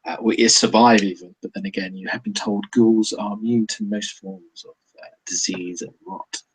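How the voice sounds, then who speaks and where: A man's voice: on the low side, steady tone, normal speed, slightly rough, low-quality recording. A man narrating a tabletop role-playing game as game master, with many fillers and restarts. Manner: hesitant, many fillers and restarts, laughs often.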